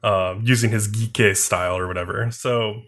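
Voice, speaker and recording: Bright-voiced rambling male podcaster. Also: on the low side, steady tone, normal speed. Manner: rambling, heavy use of "like" and fillers. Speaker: podcast co-host. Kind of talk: casual chat recapping an anime episode.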